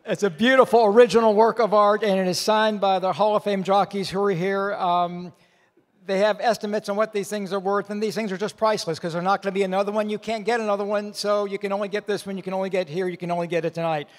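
A man running a live charity auction, calling bids in quick repetitive runs. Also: high-pitched, fairly even intonation, in a large hall. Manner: rapid repetitive bid calling. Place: large event hall.

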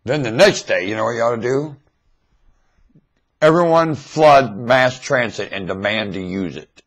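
Speaking directly into his webcam mic, a man delivers an unhurried monologue rant that swings between loud, emphatic outbursts and low muttering. The sound is lo-fi.

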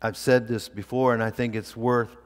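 A male pastor preaching a sermon in a church, with deliberate, emphatic delivery and repeated phrases for weight. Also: mid-range voice, level tone, in a large hall. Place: church sanctuary.

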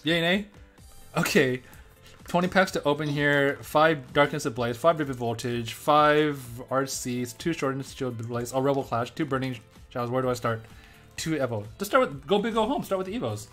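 A man's voice: mid-range voice, normal speed, fairly bright tone, soft background music. Chatty man hosting a card-opening livestream. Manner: chatty and jokey, thanks viewers by name. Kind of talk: casual livestream chat.

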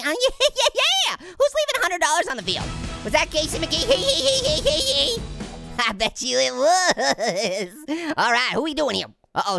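A man voicing a hyper, giggly male talking orange who cracks puns and taunts while commenting on gameplay. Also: full character voice. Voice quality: gravelly, high cartoon voice. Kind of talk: comedic let's-play commentary. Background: game music.

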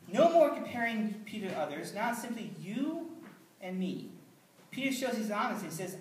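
A man's voice: sits high, very animated, moderate pace, slight background noise. A man pastor delivering a sermon in an earnest, conversational way, with dry asides. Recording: roomy, distant mic, faint ambience.

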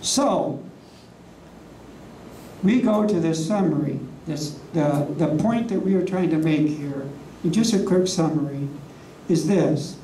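A preacher teaches from slides, landing key words slowly and emphatically and asking the room rhetorical questions. The tone is mellow and dark. The voice is caught from a distance in an echoey room, with a faint hum underneath. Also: medium pitch. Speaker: preacher teaching a ministry class. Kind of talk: sermon with slides.

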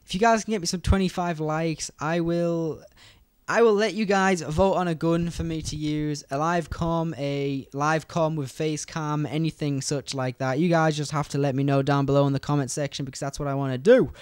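A young British man giving fast, rambling gameplay commentary and talking straight to his viewers. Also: on the high side, fairly even intonation, clear, resonant tone, dry recording, studio quality. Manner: fast, rambling, chatty, addresses viewers directly. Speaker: gaming YouTuber.

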